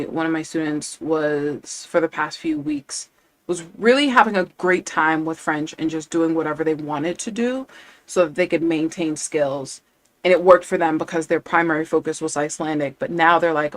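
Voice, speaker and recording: Chatty, enthusiastic woman language coach. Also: deep voice. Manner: enthusiastic, chatty, laughs often. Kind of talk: casual live-stream chat.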